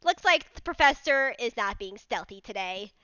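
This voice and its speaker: Bright high-voiced woman game master. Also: moderate pace, smooth, no room sound, muffled recording. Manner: lively, laughs while narrating. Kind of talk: narrating a tabletop game.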